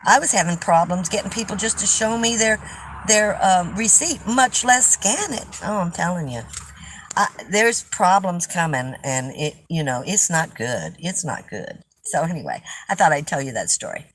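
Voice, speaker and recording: Woman in her seventies, rambling live-stream chat, fairly low voice, faint background hiss. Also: lively intonation, moderate pace, low-quality recording. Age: 70s. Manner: rambling, chatty, laughs often. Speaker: vlogger hosting a live stream. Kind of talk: casual storytelling chat.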